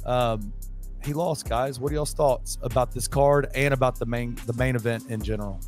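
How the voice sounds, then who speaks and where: A hoarse man co-hosting a casual sports podcast, rambling with many restarts. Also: medium pitch, steady tone, moderate pace, a little mellow, faint music behind. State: hoarse from illness. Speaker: podcast co-host.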